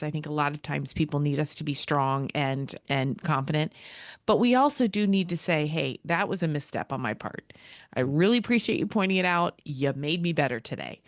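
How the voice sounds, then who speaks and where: A woman's voice: low voice, no room sound, studio quality. A middle-aged American woman, a school leader, talking as a podcast guest and acting out quoted dialogue in her stories. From United States. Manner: animated storyteller, acts out quoted dialogue. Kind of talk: casual interview talk.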